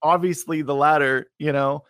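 A young man hosting a faith interview, talking in an energetic, encouraging, rambling way with many fillers. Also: a little high, normal speed, smooth, no room sound, studio quality. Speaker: podcast host. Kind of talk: animated faith interview chat.

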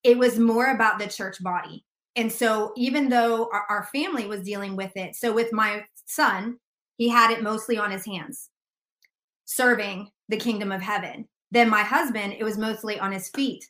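A woman guest shares her faith testimony in casual conversation, telling it animatedly and laughing often. Her voice is medium-pitched at a normal speed, and the sound is reverberant.

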